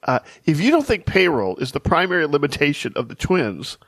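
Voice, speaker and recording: A middle-aged man from Minnesota co-hosting a casual sports podcast, chatty and quick to laugh, often repeating words. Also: a little high, very animated, fairly bright tone, no echo. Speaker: podcast co-host.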